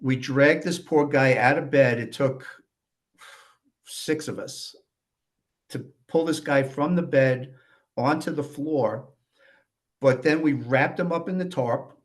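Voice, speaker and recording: A man's voice: medium pitch, animated, measured pace. A man from New York, a guest on a podcast, telling stories from death investigations in a matter-of-fact way, often adding "you know.". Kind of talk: casual storytelling conversation.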